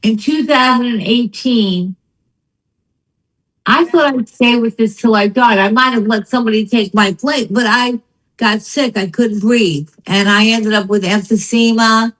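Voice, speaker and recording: Rich: An older woman with a voice pitched a little high tells her business story as an interview guest. She talks in an emphatic, animated way, leaning hard into her punch lines. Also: unhurried, poor audio.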